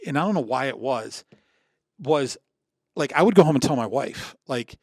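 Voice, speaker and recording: A man's voice: medium pitch, expressive, moderate pace, darkish tone, dry recording, clean studio sound. A man in his sixties from Michigan, a podcast guest telling stories in an earnest, reflective way with many restarts. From Michigan, USA. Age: 60s. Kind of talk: conversational storytelling.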